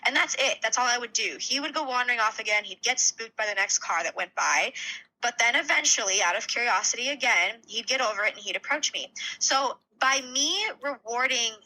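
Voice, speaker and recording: A woman's voice: a little high, a little fast, pushed and bright, poor audio. A woman horse trainer, a guest on a podcast, telling stories eagerly in casual conversation and laughing as she talks.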